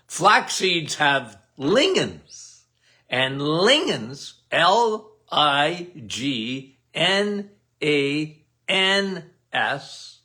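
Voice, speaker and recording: A man's voice: a little high, bright, forceful tone. Emphatic, folksy older man host. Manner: folksy, emphatic, repeats "okay?". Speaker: health show host answering viewer questions. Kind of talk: casual live Q&A.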